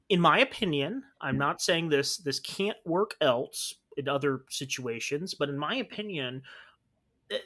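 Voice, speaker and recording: A man's voice: on the high side, pushed and bright. A man co-hosting a casual podcast, giving his opinions as he thinks aloud, with "um"s and sighs. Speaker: podcast co-host.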